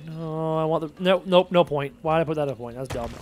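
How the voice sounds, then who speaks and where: A man's voice: a little high, fast talker, darkish tone, a little hiss or hum. A man streaming a game live, chatting and muttering to himself as he plays and reads chat aloud. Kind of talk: live gameplay commentary, reading chat aloud.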